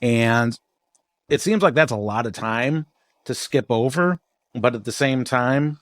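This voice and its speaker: A man's voice: mid-range voice, animated, unhurried, no echo, studio quality. A man co-hosting a podcast, recapping a TV episode in casual, rambling chat with jokes and swearing. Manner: rambling, jokey, swears and laughs often. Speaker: podcast co-host.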